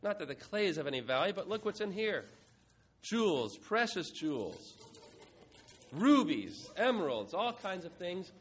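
A man preaching a sermon, moving from quiet reflection to a playful mock auction with the congregation. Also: high voice, sing-song, unhurried, a little hiss or hum. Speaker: pastor.

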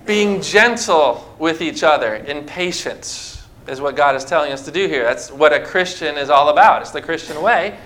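A man's voice: a little high, lively intonation, normal speed, hardly any pauses, a bit bright, slight background noise. A man preaching a sermon to a congregation, asking rhetorical questions and talking them through simple object lessons. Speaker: pastor. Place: church before a congregation.

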